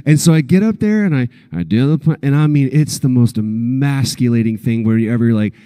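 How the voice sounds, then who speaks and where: A man's voice: fairly quick, no echo, studio quality, in a large hall. A man in his thirties from Texas, telling a story on stage at a convention panel, acting out the quotes. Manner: animated storyteller, acts out quotes with big pitch jumps. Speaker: panel guest.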